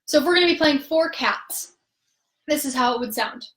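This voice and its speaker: A woman music therapist leading a rhythm lesson in a patient, upbeat way, counting beats aloud slowly. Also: sits high, a bit bright. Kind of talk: live-streamed rhythm lesson. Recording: roomy echo.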